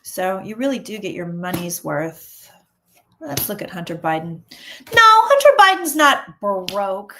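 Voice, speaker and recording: A woman psychic chatting casually on a tarot livestream, chatty and animated, often acting out what people say. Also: medium pitch, measured pace, noisy background.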